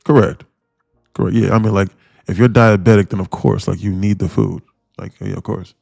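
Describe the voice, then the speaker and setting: A man's voice: fairly low pitch, fairly even intonation, moderate pace, gravelly, darkish tone, no echo, faint music behind. A man hosting a day-trading livestream in casual chat, rambling and slangy, firing off blunt rhetorical questions and repeating himself.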